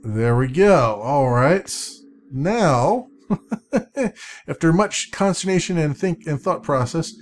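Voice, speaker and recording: A man giving casual let's-play commentary, chatty and thinking out loud as he plays. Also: fairly high pitch, animated, slow pace, slight background noise.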